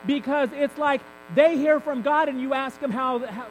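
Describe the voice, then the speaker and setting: High-voiced man preaching candidly. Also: moderate pace, few pauses, a little hiss or hum, poor audio. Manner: candid, conversational preaching with rising emphasis. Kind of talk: sermon.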